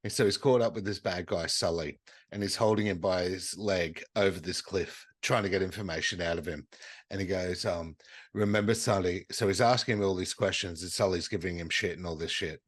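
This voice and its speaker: A man with a very deep voice, co-hosting a casual podcast. He retells action movie scenes with lots of swearing. He throws himself into the quotes, jumping up into high voices for the characters. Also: brisk, husky, no room sound. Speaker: podcast co-host.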